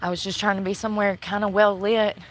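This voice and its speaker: A woman's voice: medium pitch, little pitch movement, fast talker, rough recording. Woman ranting bitterly on a phone livestream. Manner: bitter, swearing constantly. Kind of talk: angry profane ranting livestream. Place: outdoors at night near a shopping center. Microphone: phone camera.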